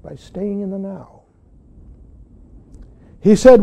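Older man giving a high, mellow Zen talk. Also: animated, unhurried, gravelly, pauses often. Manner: earnest, frequently says "see". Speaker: Zen teacher. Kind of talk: dharma talk.

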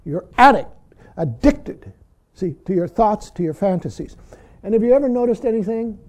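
A man's voice: high voice, very animated, normal speed, a little mellow. A man giving a dharma talk as a Zen teacher, blunt and teasing, who laughs readily and keeps saying "see".

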